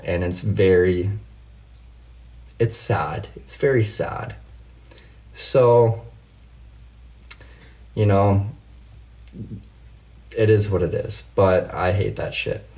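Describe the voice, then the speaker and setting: A man with a somewhat low voice talks on his own livestream, chatting loosely with viewers and answering their comments. He falls into heated, profanity-laden rants, swearing freely as he goes. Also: a little mellow. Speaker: livestream host. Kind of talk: casual livestream chat, reading comments.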